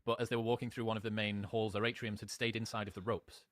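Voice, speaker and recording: A man interviewing in a debate, measured and explaining with examples. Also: lowish voice, flat delivery, fairly bright tone, no room sound, clean studio sound. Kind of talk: conversational interview.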